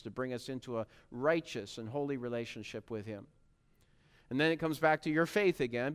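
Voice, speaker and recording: A man preaching a sermon to his congregation, earnest and steady, rising to emphatic bursts when he reads scripture. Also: medium pitch, clear, resonant tone.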